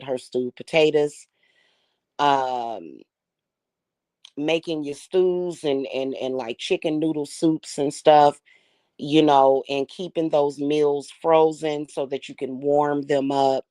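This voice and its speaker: A woman with a low, deep-set speaking voice talks straight to her viewers. She is emphatic and emotional, stumbling over and repeating words as her feelings rise. The recording is dry and close, with no room sound. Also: fairly even intonation, slow, mellow, no room sound. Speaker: spiritual channel host. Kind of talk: casual talk to viewers.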